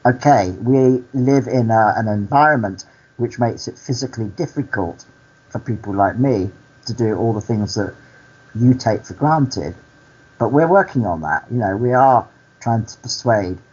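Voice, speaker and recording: A male actor and activist, a guest in a candid interview, speaking earnestly and telling stories at an unhurried pace. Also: medium pitch, expressive, darkish tone, husky, muffled recording.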